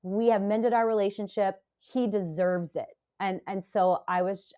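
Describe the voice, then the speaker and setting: A woman's voice: medium pitch, steady tone, measured pace, mellow. Woman telling a story, hesitant and emotional. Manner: emotional, hesitant retelling with many fillers. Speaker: podcast guest. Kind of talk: casual interview storytelling.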